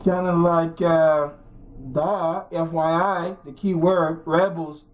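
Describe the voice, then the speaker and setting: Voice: medium pitch, steady tone, slow, slight background noise. A host delivering an opinion monologue in a rhetorical, repetitive way, often urging listeners to think about it. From United States. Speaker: commentary show host.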